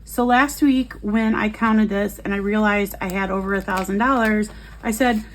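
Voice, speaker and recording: A woman's voice: mid-range voice, normal speed, slight background noise. A woman vlogging in a cheerful, chatty way, counting cash aloud as she budgets. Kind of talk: upbeat casual vlog while cash stuffing.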